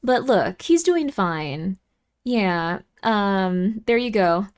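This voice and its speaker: A woman's voice: medium pitch, animated, very slow, smooth. A young woman streaming and chatting casually with viewers, giggly and easily moved, with lots of fillers.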